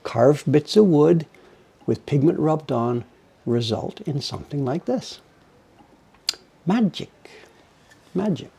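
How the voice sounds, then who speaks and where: An older man talks through his printmaking work in a relaxed, rambling way, often stopping to correct himself. His voice is gravelly and husky, with a mellow, dark tone. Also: a little high, measured pace. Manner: rambling, self-correcting, chatty. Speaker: printmaker streaming live. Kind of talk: casual live-stream chat while working.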